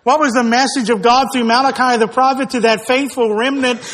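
A man's voice: very high-pitched, steady tone, brisk, fairly bright tone. A man preaching a sermon, earnest and emphatic, stressing his words and sometimes acting out quoted speakers.

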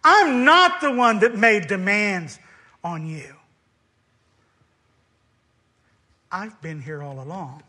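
A man's voice: high-pitched, animated, measured pace, sharp tone, heavily acted. A man voicing a resentful grown elder son who complains bitterly and sarcastically to his father. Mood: bitter sarcastic.

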